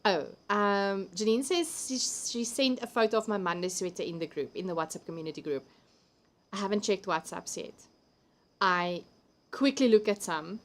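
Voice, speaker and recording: A livestream host with a South African accent chats casually from home over a computer mic, at medium pitch and moderate pace. She talks freely, laughs often, and reads out viewers' comments as they arrive.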